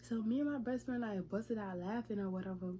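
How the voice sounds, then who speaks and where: A young woman vlogger in casual storytime, retelling events in a profane, chatty, lively way. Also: mid-range voice, brisk, slight background noise.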